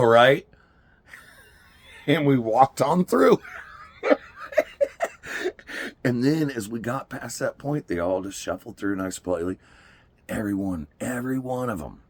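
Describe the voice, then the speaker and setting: A man, telling a story about taking his daughter to an amusement park, laughing often and acting out what people said. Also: on the low side. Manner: animated, laughing often, acts out quotes. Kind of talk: casual storytelling.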